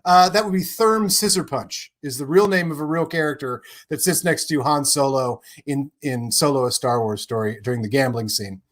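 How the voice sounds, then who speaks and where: Man, livestream guest, casual chat, rambling, animated, filler-heavy. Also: mid-range voice, moderate pace, hardly any pauses. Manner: rambling, animated storyteller with frequent fillers and laughs. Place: home, on a livestream.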